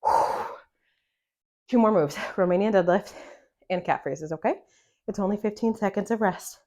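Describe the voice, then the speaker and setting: A woman's voice: medium pitch, normal speed, dark tone. A woman coaching a home workout. She is out of breath, encouraging and talks through each exercise between breaths. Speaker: fitness coach. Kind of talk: follow-along workout instruction.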